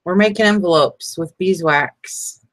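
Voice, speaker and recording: A crafting vlogger with a lowish voice chats casually and unhurriedly with her viewers as she makes envelopes, often laughing and calling them by name. The recording is poor, though there's no room sound.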